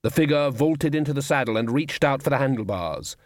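Guy reading a novel, even steady voice, dry booth sound. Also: medium pitch, a little fast, dry recording. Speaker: narrator. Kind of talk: audiobook narration.

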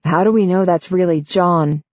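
A woman's voice: lowish voice, moderate pace, a little mellow, no echo, close to an everyday voice. A woman voicing a cautious, distrustful teenage girl in an audiobook. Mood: wary. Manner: cautious, wary. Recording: dull, dry studio sound.

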